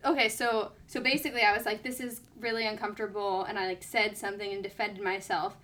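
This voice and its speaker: A woman's voice: mid-range voice, little pitch movement, fast talker, a bit bright. A young woman telling a personal story in casual chat, full of fillers and acted-out quotes. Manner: chatty, lots of "like", quoting others.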